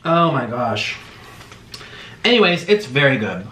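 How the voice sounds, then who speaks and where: A man's voice: medium pitch, unhurried, background noise. A man hosting a casual eating vlog, gushing and exclaiming over each bite. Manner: excitable, gushing, full of exclamations. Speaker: mukbang host. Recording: roomy echo.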